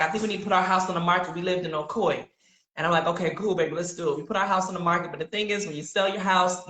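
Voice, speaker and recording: A woman tells a faith story in a relaxed, conversational way. Her tone is bright and forceful, and she acts out the people she quotes as she goes. The room around her is echoey. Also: sits low. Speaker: podcast guest sharing testimony.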